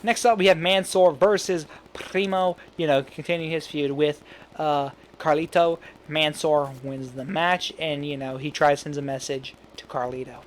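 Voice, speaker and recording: A man with a somewhat high voice chats loosely on his own, rambling from point to point with quick asides and little laughs. It sounds like a home recording with a faint background hiss. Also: steady tone. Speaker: fantasy booking commentator. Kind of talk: casual solo commentary.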